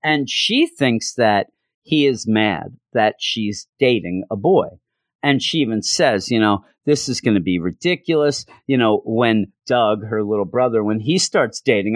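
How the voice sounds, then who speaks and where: A man's voice: on the low side, no room sound, clean studio sound. A man casually recapping a comic plot in a rambling way, with lots of fillers. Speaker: comic book reviewer.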